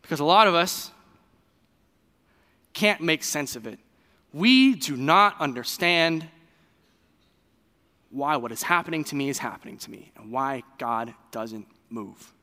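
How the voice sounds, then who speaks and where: A man preaching a sermon in a conversational, animated way, with fillers and restarts. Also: a little high, unhurried, long pauses, long reverb tail. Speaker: pastor.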